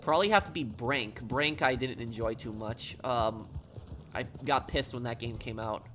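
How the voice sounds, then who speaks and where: While playing on a live stream, a man from New York answers viewer questions, rambling a bit and sounding a little apologetic as he talks over the game. He speaks at normal speed with a medium pitch and fairly bright tone, over a little hiss or hum.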